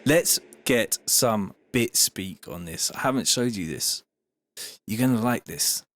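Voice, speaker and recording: A Bristol producer on a livestream talks in a lowish, fairly bright voice with lively intonation, a little slowly, in studio-quality audio with no echo. Easygoing and rambling, he swears and reads chat comments aloud while the track he's making plays faintly.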